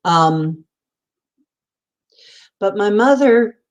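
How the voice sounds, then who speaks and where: A woman's voice: mid-range voice, lively intonation, extremely slow. A woman hosting a casual chat, meandering and chatty with many fillers. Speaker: host.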